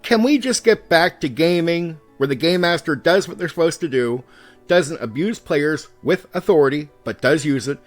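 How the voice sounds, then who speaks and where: Fired-up man ranting, high-pitched voice. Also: moderate pace, faint music behind. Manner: heated and profane, pushing his points hard; swings between raised and calm speech on purpose. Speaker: YouTube host and game master. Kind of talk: ranting commentary to the camera.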